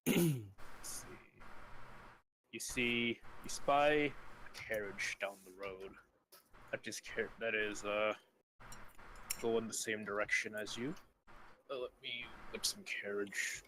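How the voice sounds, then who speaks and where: A man narrating as game master in a tabletop game, halting, with restarts. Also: lowish voice, sharp tone, a little hiss or hum. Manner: halting, with restarts and throat-clearing.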